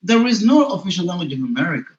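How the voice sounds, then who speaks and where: A Ugandan man, a teacher, a guest on a call, arguing his points in an animated, insistent way. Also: high voice, rapid-fire, a little hiss or hum. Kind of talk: casual debate mixing Luganda and English. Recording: dull, echoey room sound.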